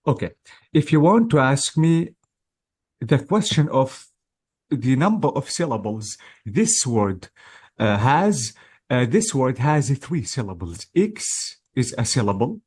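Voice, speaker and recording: A man's voice: medium pitch, very animated, slow pace, a little mellow, breathy edge. Hesitant man teaching an exam lesson. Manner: patient, step-by-step explaining, many hesitations and check-ins. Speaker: English test-prep teacher. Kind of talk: explanatory lesson for exam practice.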